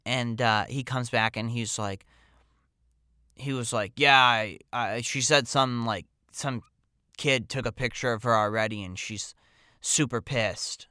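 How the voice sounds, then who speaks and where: Male podcast storyteller, chatty and meandering, crisp bright tone, close dry sound. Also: mid-range voice, steady tone, a little slow, no echo. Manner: rambling, full of "like" and "um". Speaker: podcast host telling a personal story. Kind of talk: casual storytelling monologue.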